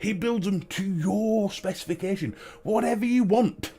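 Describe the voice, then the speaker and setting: A man's voice: high voice, normal speed, mellow. A man with a Northern English accent hosting a casual live stream, chatting and greeting viewers and laughing often. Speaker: live-stream host and vape reviewer.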